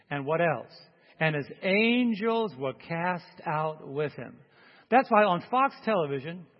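A man preaching a sermon, calling for amens from the congregation and swinging from emphatic peaks to a quiet prayer. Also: high-pitched, long reverb tail, highs cut off. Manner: call-and-response, rising to emphatic peaks then praying softly.

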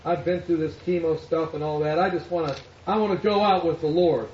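This pastor's voice sits a little high with a darkish tone and fairly even intonation, and he speaks fairly quickly. He tells a sermon story, performing the voices of the people in it, recorded dully on a distant mic in an echoey hall with slight background noise.

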